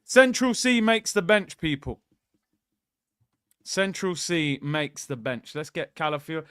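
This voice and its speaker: A young man rants sarcastically to his stream audience about his football club, his voice pitched fairly high for a man. He swings from exasperated grumbling to loud excited shouting. The sound is dry and close, with no room echo. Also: measured pace, smooth. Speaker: football watchalong host. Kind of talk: casual live-stream rant.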